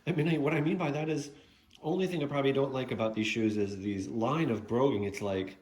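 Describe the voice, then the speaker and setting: A man's voice: medium pitch, a little fast, darkish tone. Casual rambling man in echoey room. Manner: rambling, conversational, lots of fillers. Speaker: shoe collector and restorer. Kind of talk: casual show-and-tell vlog.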